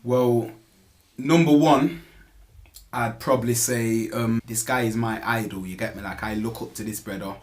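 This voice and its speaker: A man's voice: mid-range voice, fairly even intonation, moderate pace, a little mellow. Slangy young man. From England. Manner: street slang, keeps asking "you get me"; emphatic, repeats words when starting. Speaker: grime MC interviewee. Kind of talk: casual interview answers.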